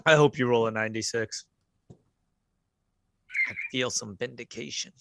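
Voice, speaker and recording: A man narrating as game master of a tabletop horror game, relaxed and rambling. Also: medium pitch, a little slow, creaky, no echo.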